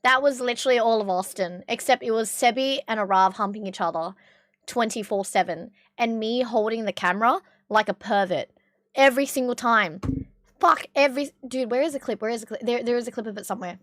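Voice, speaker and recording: A young woman from Australia streaming casually with a hoarse, strained voice, chatting, swearing and reading chat aloud. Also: a little high, fairly quick, fairly bright tone, no room sound, studio quality. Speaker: livestreamer.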